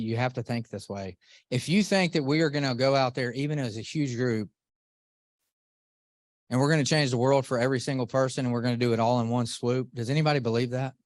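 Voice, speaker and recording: A middle-aged man giving an earnest, animated motivational talk to a live group, often asking the audience questions. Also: medium pitch, fairly quick, no room sound, clean studio sound. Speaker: motivational speaker.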